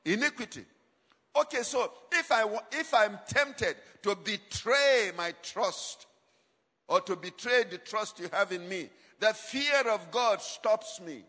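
A man's voice: high-pitched, animated, takes it slowly, pushed and bright. A man preaching a sermon, asking the congregation to finish his lines, with emphatic swings in volume. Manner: call-and-response questions to congregation; emphatic, dramatic shifts in volume. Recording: long hall reverb.

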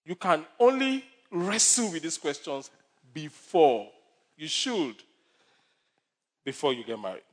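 A man's voice: a little high, expressive, slow pace, pauses often. A male pastor preaching a sermon with numbered points, stories and humor.

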